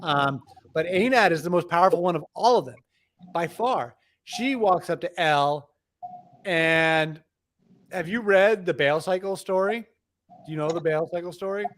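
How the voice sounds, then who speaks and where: A middle-aged man with a somewhat high voice talks as an interview guest. He tells stories with animation and often restarts his sentences. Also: unhurried. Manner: animated storyteller, frequent restarts. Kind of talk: conversational explaining.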